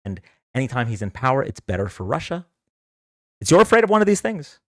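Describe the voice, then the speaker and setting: A man's voice: mid-range voice, sing-song, quick pace, no room sound. A man hosting a livestream political debate, ranting in a combative, sarcastic way and taunting his viewers to come on and argue. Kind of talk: heated livestream political rant.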